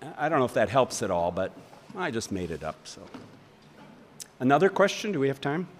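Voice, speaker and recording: A man's voice: medium pitch, big pitch swings, brisk, in a large hall, a little hiss or hum. An older man teaching a seminar, talking in a thoughtful, rambling way with restarts and chuckles. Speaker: seminary professor. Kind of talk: lecture with audience questions. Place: lecture hall.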